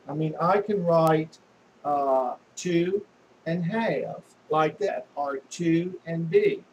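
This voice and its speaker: A man giving a demonstration lesson on shorthand, talking slowly and patiently, often spelling words out letter by letter, with frequent pauses and restarts. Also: fairly high pitch, muffled recording, a little hiss or hum. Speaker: shorthand teacher.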